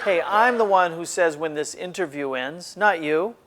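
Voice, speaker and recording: A man's voice: on the high side, moderate pace, heavy background noise. Dry jokey male comedy host. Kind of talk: comedy sketch hosting.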